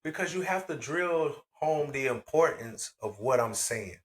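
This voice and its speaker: A man co-hosting a podcast in casual chat, blunt and profane, telling animated stories. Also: medium pitch, unhurried, a loud crowd. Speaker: podcast co-host.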